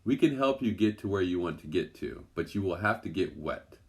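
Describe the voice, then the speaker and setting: A man's voice: deep voice, animated, a little fast. A man voicing a group of friendly storybook mermaids who offer help in an inviting, sing-song way.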